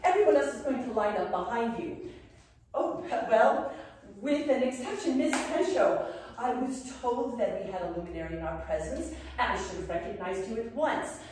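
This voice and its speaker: A costumed interpretive guide plays a colonial-style academy headmistress, leading a class through bows and dance steps in an in-character living-history lesson. Her fairly high, darkish voice swoops widely with lively intonation at a normal speed, prim and genteel with a playful streak. A distant camera catches her in a very echoey room, far from the mic, with a faint hum behind.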